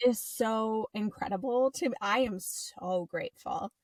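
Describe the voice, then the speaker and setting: A woman from the US hosting a podcast, talking with warm, effusive enthusiasm. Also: fairly high pitch, a little slow, no room sound. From United States. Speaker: podcast host and recovery coach. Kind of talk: casual podcast conversation.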